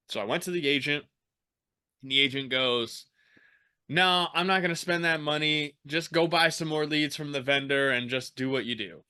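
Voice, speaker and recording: A man telling his own story as a podcast guest, casual and animated, swearing freely and acting out the people he quotes. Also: mid-range voice, moderate pace, clear, resonant tone.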